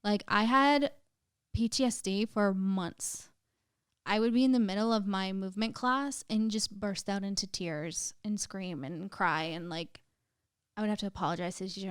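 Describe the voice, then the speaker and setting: A woman's voice: medium pitch, moderate pace, smooth, no room sound, clean studio sound. A young woman, a podcast guest, telling a painful personal story in casual chat, emotional, with lots of "like" fillers and some swearing.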